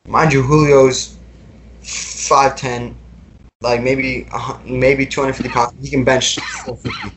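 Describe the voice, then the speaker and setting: A man's voice: mid-range voice, fairly even intonation, measured pace, slight background noise. Young man telling his story, rambling. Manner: casual, rambling, many fillers and repeated words. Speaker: guest. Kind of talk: recounting personal experiences in a podcast interview.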